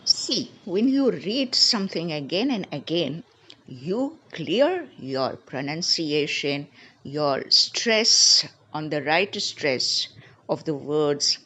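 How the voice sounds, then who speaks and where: A woman teaching a lesson, drilling pronunciation by repeating each word slowly. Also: low voice, lively intonation, sharp tone, husky. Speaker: English teacher. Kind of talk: spoken English lesson.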